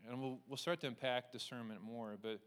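A man's voice: medium pitch, steady tone, fairly quick, smooth. A man teaching an informal Bible lesson in a conversational way, often restarting sentences and acting out quoted voices, then closing in prayer. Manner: closes with a prayer. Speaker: teacher leading a Bible study. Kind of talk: informal sermon.

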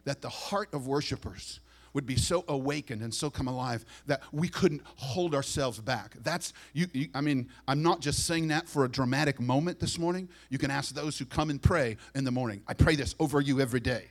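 A man preaching as pastor, animated, acting out quick voices and dropping to soft asides. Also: medium pitch. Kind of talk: sermon.

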